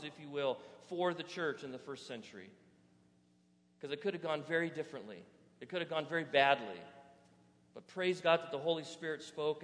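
A man preaching a sermon as pastor, animated, often asking the congregation rhetorical questions. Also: a little high. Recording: reverberant hall.

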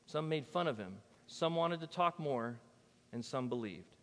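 A man preaching a sermon as pastor, emphatic and conversational, swinging between loud declarations and soft, quiet asides. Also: medium pitch, expressive, a little slow, long reverb tail. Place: church.

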